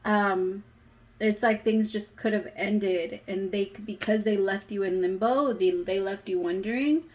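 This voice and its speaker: A woman's voice: mid-range voice, measured pace, a little mellow. A woman in her thirties giving a casual tarot reading, chatty and emotional, with some casual swearing. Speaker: tarot reader.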